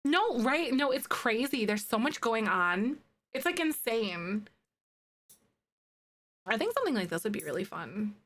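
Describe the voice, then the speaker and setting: A woman's voice: fairly high pitch, sing-song, unhurried, pauses often, a bit bright. A young woman streaming a life-sim game, chatting casually with viewers, bubbly and full of "like"s. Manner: bubbly, chatty, many "like"s, answers chat. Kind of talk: casual chat while playing.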